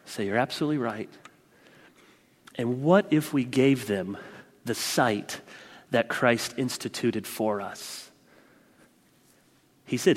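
A man's voice: medium pitch, normal speed, pauses often. A man in his thirties preaching a sermon as a pastor, passionate and emphatic with frequent repetition. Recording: long reverb from a large room.

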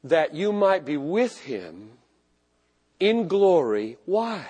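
A man preaching a sermon with passion, swinging from loud emphatic repetitions to hushed, low phrases. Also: very animated, slow pace, slightly rough. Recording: long hall reverb.

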